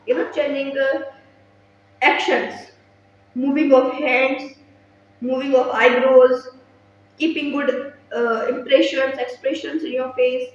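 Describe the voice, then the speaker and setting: A high-pitched woman teaches in an earnest, advisory way, checking in with her listeners as she goes. She sits back from the mic, and her voice rings around a very echoey room. The sound is slightly muffled, with a faint hiss behind it. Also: flat delivery, slow, long pauses. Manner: earnest, advisory, frequent "uh" and "okay?". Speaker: English teacher. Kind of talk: spoken English lesson. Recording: roomy echo, distant mic, muffled.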